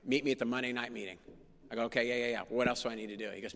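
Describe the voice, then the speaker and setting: A man speaking to a meeting in an earnest, emphatic way, circling back to the same phrases for weight. His voice is gravelly and bright-edged, and it rings out with the long reverb of a meeting hall. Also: mid-range voice, steady tone, very fast. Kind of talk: personal recovery story told to a meeting.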